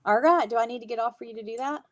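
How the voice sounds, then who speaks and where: A woman's voice: a little high, racing, dry recording. A woman, hosting a casual livestream on hand lettering and chatting with viewers. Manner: chatty, warm-hearted, laughs often.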